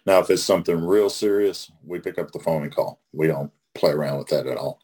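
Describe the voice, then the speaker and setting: A man's voice: rumbling low, fairly quick, dark tone. A middle-aged man from Oklahoma leading a recovery study in a casual teaching talk. He is folksy and emphatic and repeats phrases for emphasis.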